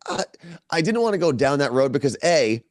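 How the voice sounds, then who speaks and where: A man's voice: fairly high pitch, sing-song, a little fast, no room sound, studio quality. A man co-hosting a podcast, telling a long story in casual chat from a hotel room and laughing often. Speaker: podcast co-host.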